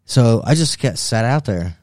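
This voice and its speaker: A man's voice: mid-range voice, lively intonation, measured pace, a little mellow, no echo, studio quality. A man on a podcast casually telling a wild story, swearing a lot, laughing and acting out what people said. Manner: profane, laughing, acts out quoted voices. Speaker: podcast co-host.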